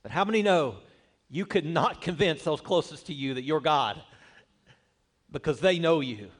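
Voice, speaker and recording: A man's voice: a little high, animated, moderate pace. A man preaching a sermon, speaking emphatically, posing rhetorical questions to the congregation and telling humorous personal stories. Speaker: pastor.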